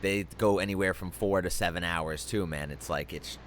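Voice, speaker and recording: A man's voice: sits low, moderate pace, a little hiss or hum. A young adult man hosting an interview, talking casually with many ums and restarts and some swearing. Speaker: host.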